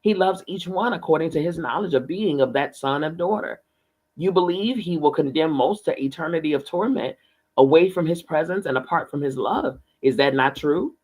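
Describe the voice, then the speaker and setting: A man reading as a calm, wise spirit woman. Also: fairly high pitch, moderate pace, voice pushed up, rough recording. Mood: probing. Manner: steady, patient questioning. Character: calm, wise, gentle female spirit guide. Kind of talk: audiobook reading.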